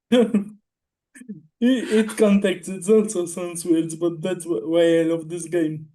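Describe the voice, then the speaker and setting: High, slow-talking man at a game table. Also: steady tone, dark tone, slight background noise. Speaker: player. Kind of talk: casual tabletop play.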